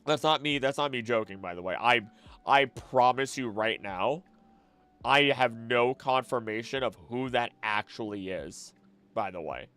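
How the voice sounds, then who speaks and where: Faint music and typing sound behind this young Southern streamer, whose medium-pitched voice is smooth, pushed, and bright, going a little slow. Late at night, he reads chat messages aloud, muttering as he reads, rambling and correcting himself along the way.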